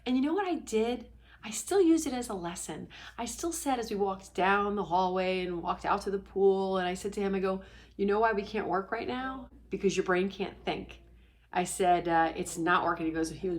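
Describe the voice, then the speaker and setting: A middle-aged woman with a mid-range voice, talking straight to the camera from home as a parenting coach. She tells a story in a confiding, animated way and sometimes drops to a hushed whisper. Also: medium pitch, normal speed. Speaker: parenting coach for ADHD families. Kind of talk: casual confiding vlog. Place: indoors at home.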